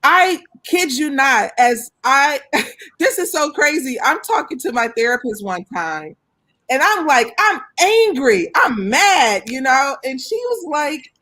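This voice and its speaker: A woman on a panel who tells animated stories on a video call, laughing often. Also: high-pitched, measured pace. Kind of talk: panel discussion.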